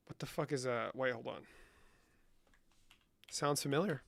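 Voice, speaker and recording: A gravelly, medium-pitched male voice with a fairly bright tone and no echo speaks at a measured pace, keeping his intonation fairly even and pausing often. The young streamer banters profanely and jokingly with his viewers, slipping from English to Spanish and back while answering chat questions out loud in a casual live-stream chat.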